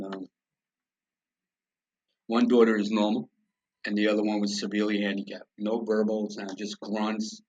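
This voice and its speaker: A middle-aged man from the United States, a podcast guest telling a personal story in a blunt, profane, emotional way. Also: lowish voice. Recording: dull lo-fi sound.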